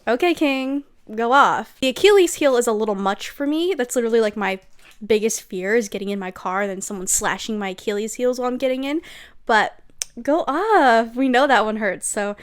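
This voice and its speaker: A woman's voice: fairly high pitch, lively intonation, normal speed. A young woman giving a casual, sarcastic book recap, gossipy and full of asides like "okay?". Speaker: book reviewer.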